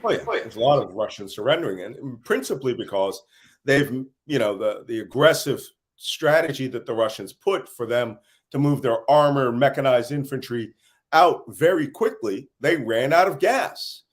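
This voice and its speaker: A tired middle-aged man from the United States, an intelligence analyst, answers interview questions at a moderate pace and medium pitch. He tells animated stories between bouts of laughter.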